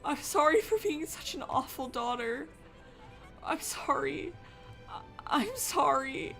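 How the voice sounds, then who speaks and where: A woman's voice: high-pitched, animated, takes it slowly, creaky, a bit bright, soft background music, pitched above the performer's own voice, exaggerated voice. A woman voicing a grieving young woman who tearfully apologizes to her late father, read aloud from a game. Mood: tearful remorse. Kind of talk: reading game dialogue aloud.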